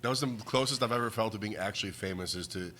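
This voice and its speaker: Podcast co-host, male, lowish voice, dry teasing wit. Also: very fast, pushed and bright, slight background noise. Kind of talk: casual chat.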